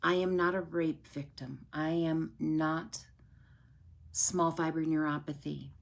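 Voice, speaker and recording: A woman's voice: deep voice, steady tone, slow, creaky. A woman sharing her personal story with her followers in an earnest, heartfelt way, often checking in with "right?".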